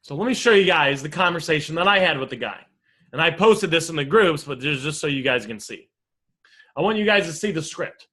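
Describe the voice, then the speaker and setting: A man's voice: a little high, lively intonation, fairly quick, bright, forceful tone. A man teaching a casual online negotiation lesson, brash and swearing freely as he keeps talking to his audience as guys. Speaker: sales and negotiation coach.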